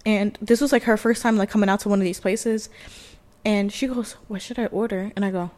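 A woman's voice: mid-range voice, fairly even intonation, a little fast, a little mellow, big-room sound. A woman in her twenties co-hosting a podcast, chatting casually and animatedly, laughing often and filling her talk with "like". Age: 20s. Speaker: podcast co-host. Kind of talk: casual chat.

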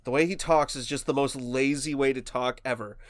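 A man's voice: mid-range voice, fairly even intonation, brisk, dry recording. A young man co-hosting a podcast, chatting casually, rambling and laughing as he mock-quotes people. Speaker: podcast co-host. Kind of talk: casual chat.

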